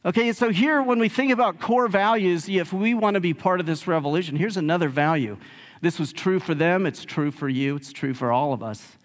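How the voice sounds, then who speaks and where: Male pastor, sermon, conversational, animated, slightly higher voice. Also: brisk. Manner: conversational, animated storytelling with acted-out sarcasm.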